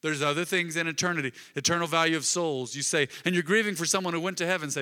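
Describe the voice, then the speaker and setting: A male pastor preaching a sermon in a church, swinging from loud emphatic bursts to soft, intimate murmurs. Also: on the high side, fast, hardly any pauses, smooth. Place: church sanctuary. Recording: long reverb of a large hall.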